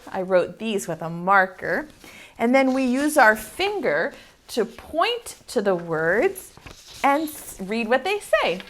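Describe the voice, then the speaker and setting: A woman teaching a virtual preschool class, speaking in a slow, sing-song, encouraging way to small children. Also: fairly high pitch. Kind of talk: virtual preschool circle time.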